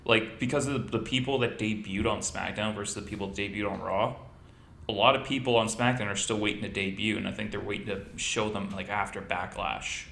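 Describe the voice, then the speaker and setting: A man's voice: lowish voice, fairly quick, gravelly, echoey room, slight background noise. A man hosting a podcast in casual chat, telling stories and joking. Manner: animated storyteller, jokey. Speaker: podcast host.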